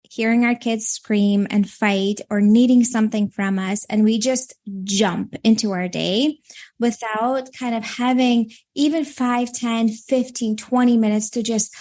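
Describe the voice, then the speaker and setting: A Latvian-born woman in her thirties with a Minnesota accent appears as a guest coach in a podcast interview, rambling with many fillers. Her voice is a little high and mellow, with a steady tone and slow pace.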